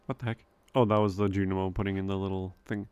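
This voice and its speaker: A young man giving relaxed, rambling gameplay commentary, thinking aloud with frequent fillers. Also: deep voice, quick pace, clean tone, dry recording. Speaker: let's play gamer.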